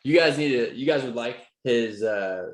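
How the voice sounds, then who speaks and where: A young man talks in a loose, slangy way full of fillers during a casual podcast chat. His voice is medium in pitch and bounces around an echoey room. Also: normal speed. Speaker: podcast co-host.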